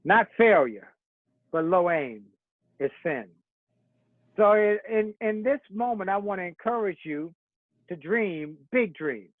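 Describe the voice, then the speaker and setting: A man's voice: high-pitched, lively intonation, slow pace, pauses often, no room sound. A man giving a motivational keynote speech, telling stories in a preacherly rhythm with rhymed slogans. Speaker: keynote speaker. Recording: tinny phone-like audio.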